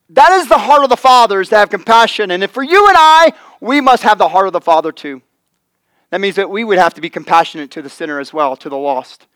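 High-voiced male pastor preaching earnestly. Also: a bit bright, clean tone, no room sound, low-quality recording. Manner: earnest preaching, acting out quoted voices, swells and drops in volume. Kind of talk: sermon. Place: church sanctuary.

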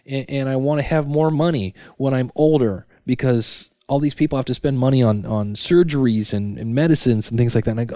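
Mellow-voiced man chatting on a podcast. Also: mid-range voice, a little fast, few pauses, dry recording, clean studio sound. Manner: chatty, self-talk asides, frequent restarts. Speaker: podcast host. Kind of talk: casual solo podcast monologue. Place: home basement. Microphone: studio microphone.

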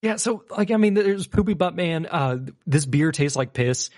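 A man's voice: on the high side, lively intonation, normal speed, a little mellow. A man telling funny stories about a video game in casual chat, often laughing. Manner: storytelling, giggly.

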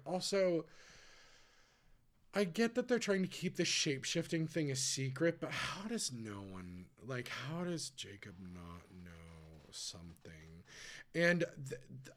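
Chatty man on a podcast. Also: medium pitch. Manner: chatty, filler-heavy, quick asides. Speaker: podcast co-host. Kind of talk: casual chat.

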